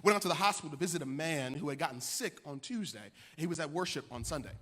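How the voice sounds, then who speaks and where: A man in his thirties from Milwaukee preaching a sermon-style speech, animated and building to shouted, sung cadences. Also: a little high, fast talker. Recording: reverberant hall.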